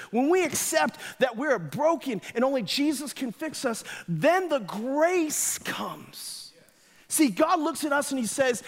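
High-voiced energetic male preacher. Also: big-room sound. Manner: energetic, animated storytelling with acted quotes. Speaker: pastor. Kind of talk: sermon. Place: church sanctuary.

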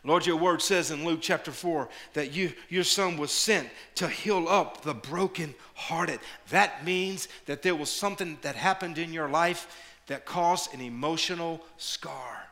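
High, bright-voiced middle-aged man preaching. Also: unhurried. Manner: animated storytelling, repeats words, shifts to quiet prayerful tone. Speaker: pastor. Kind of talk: sermon.

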